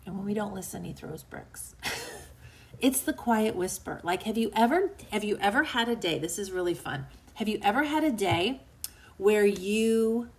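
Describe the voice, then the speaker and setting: Her mid-range voice is animated and moves at normal speed as this author runs a book club livestream. She delivers an emotional, earnest motivational talk, sometimes going soft and quiet, and chats while reading viewers' comments aloud.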